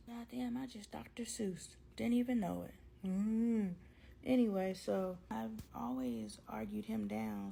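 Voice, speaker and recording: A woman talking candidly to camera in a casual storytime vlog, slangy and animated, acting out both sides of an argument with her husband. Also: on the high side, creaky, a little hiss or hum, low-quality recording. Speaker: vlogger.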